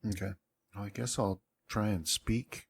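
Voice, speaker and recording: A man's voice: on the low side, fairly even intonation, a little slow, creaky, breathy edge. A man playing a tabletop game, giving brief, easygoing replies. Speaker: player.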